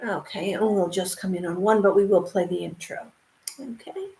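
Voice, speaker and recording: A woman's voice: mid-range voice, moderate pace, vocal fry, dark tone. A woman teaching ukulele on a live stream, chatting casually and encouraging the viewers as she talks them through a song. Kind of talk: casual instruction and sing-along.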